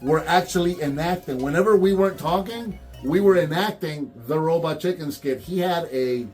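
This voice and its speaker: Brief: man, toy channel host, lively storyteller, slightly higher voice, faint music under. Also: moderate pace. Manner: animated storyteller, acts out quotes. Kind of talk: casual chat.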